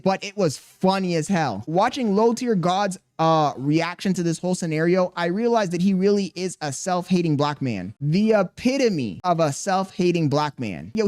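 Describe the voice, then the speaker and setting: A man streaming live and commenting on clips in an animated, exclaiming way. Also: high voice, no echo. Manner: animated, laughing, exclaims often. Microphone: streaming studio mic.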